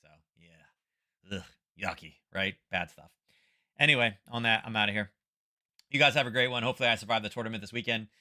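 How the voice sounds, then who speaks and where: Chatty low-voiced man rambling about trades. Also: fairly quick, long pauses, sharp tone. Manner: rambling, chatty, fillers and wry asides. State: headache from wildfire smoke. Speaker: trading livestream host. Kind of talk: casual market commentary livestream.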